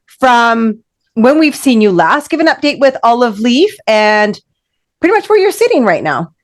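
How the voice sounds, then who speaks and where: A woman hosts a casual podcast chat and asks encouraging questions. Her voice sits a little high and moves lively up and down. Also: moderate pace. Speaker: podcast host.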